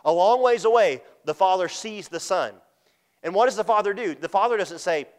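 A man's voice: sits high, expressive, normal speed, darkish tone. A man preaching a sermon, retelling a parable with acted-out quotes and frequent restarts. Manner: storytelling, acting out quoted voices, repeats and restarts.

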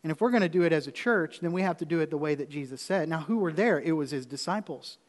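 A man's voice: fairly high pitch, animated, fast, in a large hall. A man preaching as pastor, telling a personal story in a conversational way with repeated phrases before moving into the sermon.

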